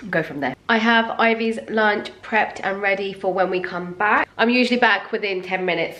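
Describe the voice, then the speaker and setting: A woman's voice: mid-range voice, fairly bright tone. A young woman chatting casually to camera as a mum vlogger at home. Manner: chatty, sing-song baby talk with her toddler. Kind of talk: casual vlog chat.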